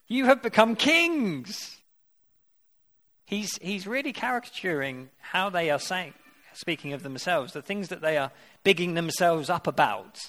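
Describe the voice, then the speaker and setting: A man's voice: on the high side, a bit bright. Man preaching, questioning listeners. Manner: reads scripture aloud, then questions the listeners directly. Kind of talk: interactive sermon.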